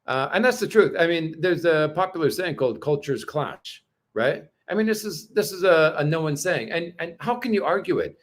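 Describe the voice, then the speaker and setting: A man from Canada hosts a relaxed livestream, chatting with his viewers. His voice sits a little high for a man. He rambles along with plenty of "uh"s and restarts. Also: normal speed. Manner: rambling, many fillers and restarts. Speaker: livestream host reading chat. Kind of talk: casual livestream chat.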